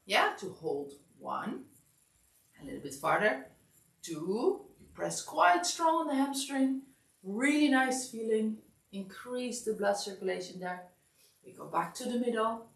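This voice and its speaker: Woman massage teacher, sleepy, lively sing-song counting, gravelly low voice, roomy distant sound. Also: a little slow. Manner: calm step-by-step guidance, counting aloud. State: sleepy, yawning. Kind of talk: instructional class demonstration. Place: massage studio.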